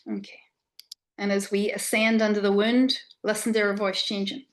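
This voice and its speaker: A woman teaching an online class on body awareness, asking the group probing questions and sometimes dropping to a soft whisper. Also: mid-range voice, little pitch movement, normal speed. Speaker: embodiment trainer.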